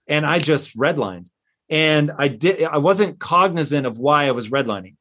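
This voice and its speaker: A middle-aged man as a podcast guest, telling a personal story in an emphatic, animated way and swearing now and then. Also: fairly high pitch.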